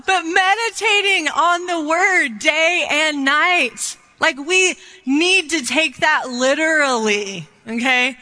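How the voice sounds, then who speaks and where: A high-voiced woman preaches in a loose, talkative way, telling stories and filling pauses with ums and likes. Her tone is bright and forward. The sound carries a long hall reverb. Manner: chatty storytelling with many fillers. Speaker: minister. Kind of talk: sermon.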